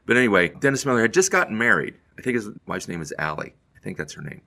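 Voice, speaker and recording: A man's voice: fairly low pitch, fast talker, creaky. A middle-aged man, a comedian guest, telling a story casually and acting out the quotes as he goes. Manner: animated anecdote teller, acts out quotes.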